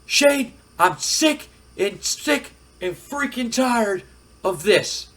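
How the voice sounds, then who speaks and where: A man doing a high, loud impression of a boastful, whiny wrestler in a wrestling video game playthrough. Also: animated, a little slow, exaggerated voice. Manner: loud, high-pitched and pleading.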